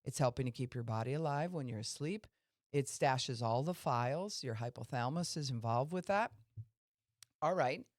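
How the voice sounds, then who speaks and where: A woman's voice: extremely low pitch, expressive, moderate pace, darkish tone, dry recording, studio quality. A woman pastor giving a conversational teaching talk on a podcast, explaining and asking listeners questions.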